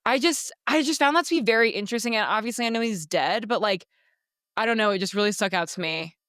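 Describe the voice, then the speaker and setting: A young woman co-hosting a book podcast in casual chat, animated and swearing freely. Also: mid-range voice, fast, dry recording, clean studio sound. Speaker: podcast co-host.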